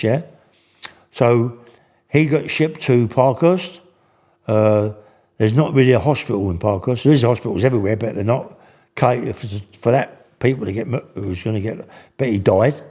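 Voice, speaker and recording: A man's voice: mid-range voice, moderate pace, mellow. An older man, telling stories in casual, slangy speech with many restarts. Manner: rambling, slangy, full of restarts. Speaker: guest. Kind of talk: casual storytelling.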